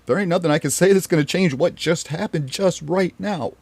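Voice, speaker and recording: Brisk and gravelly, with a fairly high pitch and no room sound, this man tells a hurtful story about his marriage. His telling rambles earnestly, full of restarts and repetition, and he often goes quiet in his pain.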